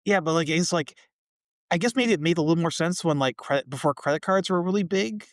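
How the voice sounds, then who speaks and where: A man co-hosting a podcast, casually recapping a sitcom episode with a relaxed, chatty delivery. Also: a little high, a little fast, no room sound, clean studio sound. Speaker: podcast co-host.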